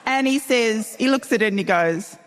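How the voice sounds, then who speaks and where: A woman's voice: a little high, moderate pace, a crowd in the background. Wry Australian woman telling a story live. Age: middle-aged. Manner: wry, animated, acts out dialogue. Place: large town hall stage before an audience. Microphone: stage mic. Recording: long hall reverb, live event.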